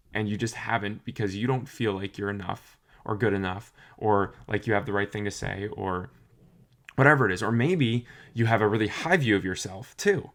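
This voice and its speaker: A man's voice: on the low side, fairly bright tone. A young adult man giving an earnest, encouraging talk to camera, often repeating phrases for emphasis. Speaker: motivational vlogger.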